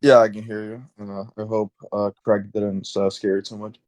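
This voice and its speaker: A man's voice: lowish voice, level tone, moderate pace, darkish tone. A young man hosting a casual podcast interview, rambling with many fillers and restarts. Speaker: podcast host.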